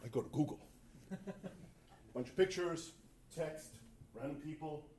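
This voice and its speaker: A man's voice: fairly high pitch, unhurried, mellow, slight background noise. A man giving a tech talk at a conference, rambling and self-mocking with jokey asides. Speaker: conference presenter. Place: conference room.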